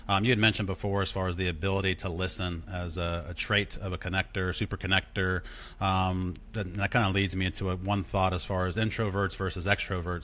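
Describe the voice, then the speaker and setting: A man with a low voice hosts a podcast interview and asks his questions slowly and evenly. His delivery stays flat and measured, with the odd filler word. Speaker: podcast host.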